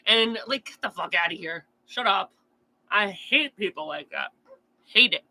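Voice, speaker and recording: A man's voice: high voice, expressive, measured pace, bright, forceful tone, rough recording. A man chatting casually on a true crime stream, answering chat in a blunt, profane rant.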